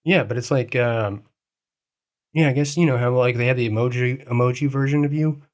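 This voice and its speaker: A man's voice: mid-range voice, brisk. A man co-hosting a podcast in casual chat, teasing his friend and rambling, swearing freely. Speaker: podcast co-host.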